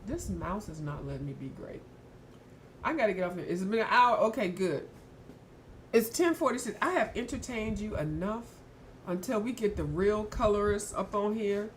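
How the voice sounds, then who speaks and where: A woman's voice: medium pitch, expressive, moderate pace, slight background noise. A woman hosting a casual live stream with features, chatty and addressing her viewers by name, and she has the hiccups.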